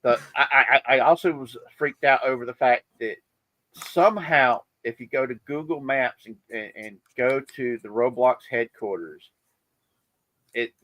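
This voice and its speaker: A man hosts a casual livestream chat at an ordinary middle pitch. He rambles along with plenty of fillers and small chuckles, and his voice sits dry and close to the mic. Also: a little slow, bright, forceful tone, dry recording, low-quality recording. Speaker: livestream host.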